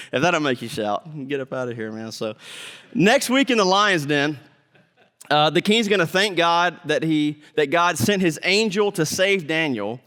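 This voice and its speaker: A man's voice: fairly high pitch, lively intonation, unhurried, fairly bright tone, in a large hall. A man preaching a sermon as pastor, in a conversational way, sometimes acting out the people in the story. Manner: conversational preaching, acts out voices.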